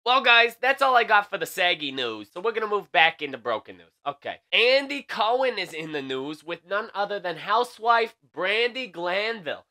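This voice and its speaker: A man's voice: high-pitched, big pitch swings, normal speed, few pauses, sharp tone. A young man hosting a comedic late-night celebrity news monologue, sassy and campy, tagging his jokes with "okay?".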